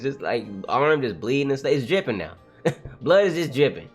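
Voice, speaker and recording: A man doing a casual read-along reaction to a comic, talking in slang, getting excited and laughing often. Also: mid-range voice, moderate pace, faint music behind. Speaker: manga reaction streamer.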